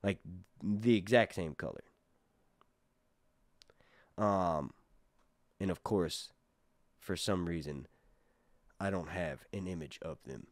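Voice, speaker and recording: A man's voice: deep voice, takes it slowly, long pauses, no room sound. A man giving casual, rambling commentary as a show reviewer, full of fillers and restarts. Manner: rambling, many fillers and restarts, animated bursts.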